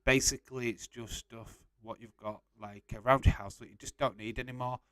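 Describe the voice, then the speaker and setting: Chatty man, smooth dry voice. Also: mid-range voice, fairly even intonation, a little fast, a bit bright, no echo. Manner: chatty, reads out and answers chat messages, laughs often. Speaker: live stream host. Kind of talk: casual live-stream chat.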